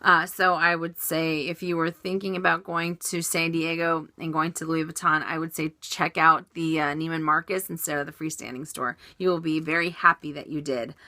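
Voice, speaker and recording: Bright-voiced chatty woman vlogger. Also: lowish voice, steady tone, normal speed, no echo. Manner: chatty, upbeat, many fillers and restarts. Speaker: vlogger answering viewer questions. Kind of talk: casual Q&A vlog.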